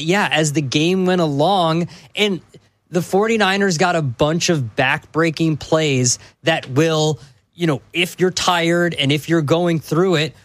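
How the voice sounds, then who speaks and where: A man's voice: a little high, dry recording. A man co-hosting a sports radio show, giving emphatic and blunt opinions. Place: radio studio. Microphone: studio mic.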